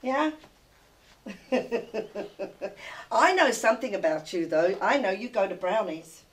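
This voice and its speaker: A woman's voice: mid-range voice, sing-song, moderate pace. An older woman from England hosting a TV show, chatting with a child guest in a gushing, doting, sing-song way. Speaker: TV show host. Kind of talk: casual chat with a child guest.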